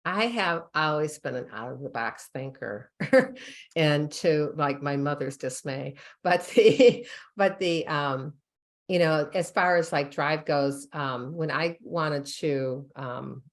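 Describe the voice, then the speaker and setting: A woman with a notably low voice, talking as an interview guest. She is a doctor who tells long, animated stories, scattering fillers and laughing as she goes. She sounds relaxed and conversational. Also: slow pace. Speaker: chiropractic sports physician and author, guest. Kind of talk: casual interview storytelling.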